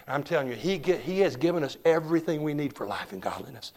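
A man preaching a sermon as pastor, swinging between loud declarations and hushed storytelling. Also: on the high side, animated, fast.

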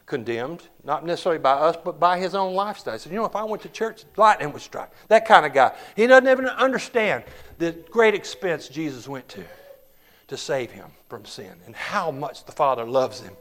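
A pastor delivers a sermon in a fairly high male voice. He swings between ringing declarations and quiet, intimate storytelling. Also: expressive, fairly quick. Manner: impassioned preaching, swinging between loud declarations and hushed storytelling.

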